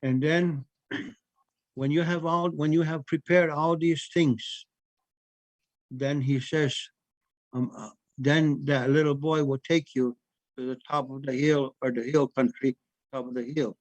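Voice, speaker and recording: A man's voice: on the high side, fairly even intonation, a little mellow, no echo, rough recording. Man telling a traditional story, dry close mic. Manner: unhurried, repeats words for emphasis, with pauses and fillers.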